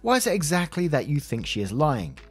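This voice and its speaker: A man's voice: on the high side, huge pitch swings, brisk, husky, soft background music, exaggerated voice. A man voicing a hesitant, harassed male security guard. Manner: hesitant, weary.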